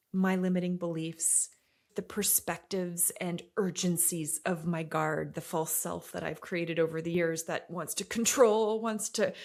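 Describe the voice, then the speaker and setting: A woman's voice: fairly low pitch, darkish tone. A middle-aged woman hosting a podcast, talking earnestly and reflectively, sometimes dropping to a near-whisper for emphasis and laughing easily. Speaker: podcast host and academy leader.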